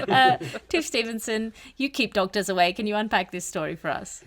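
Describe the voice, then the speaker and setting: A woman's voice: mid-range voice, normal speed, a bit bright, slight background noise. A woman hosting a comedy news panel podcast, setting up stories with wry puns. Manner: wry, punning story setups. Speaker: podcast host.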